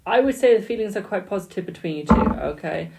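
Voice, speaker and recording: Casual chatty guy in his twenties reading cards for viewers, bit of a rasp in the voice, loud typing in the background. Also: high voice, expressive, fast talker, heavy background noise. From United Kingdom. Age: 20s. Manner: chatty, calls viewers "my darling", laughs and teases. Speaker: tarot reader. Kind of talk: live-stream tarot reading. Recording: loud keyboard clicks and typing.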